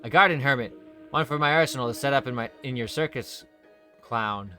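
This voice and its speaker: A man's voice: medium pitch, a little fast, pushed and bright, soft background music, close to an everyday voice. Cheeky carnival man, as a man puts him on. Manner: speaks in rhyming slang, cheeky. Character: carnival man speaking rhyming slang.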